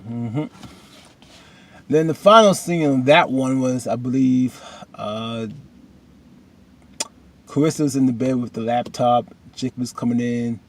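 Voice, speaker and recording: A man's voice: mid-range voice, slow pace, long pauses. A man casually recapping a drama episode, retelling scenes loosely with lots of fillers and asides, and at times talking straight to the characters in a preachy way.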